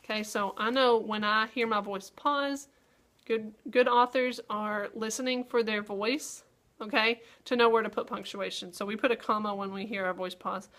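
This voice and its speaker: A woman's voice: medium pitch, fairly even intonation, moderate pace, fairly bright tone. A young adult woman teacher modeling a writing lesson, checking in with her listeners with frequent "okay?" and fillers. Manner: upbeat classroom talk with frequent "okay?" checks. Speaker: teacher trainer.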